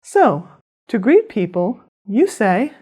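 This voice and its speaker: A woman narrating a scripted language lesson, explaining phrases clearly and pronouncing them with care. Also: mid-range voice, sing-song, dark tone. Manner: clear, measured instruction with careful pronunciation. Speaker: language teacher.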